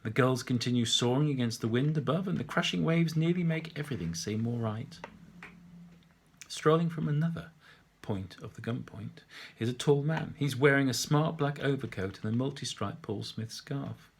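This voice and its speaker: A middle-aged man reads his own story aloud, and his husky, slightly breathy voice sits at an ordinary pitch. His narration is dry and wry, delivered in an unhurried way. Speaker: author reading his book.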